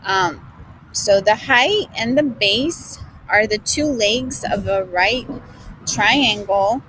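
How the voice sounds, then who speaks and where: A young woman going over her math class notes in a casual way, pausing often with fillers. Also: medium pitch, a bit bright, a little hiss or hum, rough recording. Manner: playful at first, then hesitant with many fillers. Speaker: student reviewing class notes. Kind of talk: casual study review.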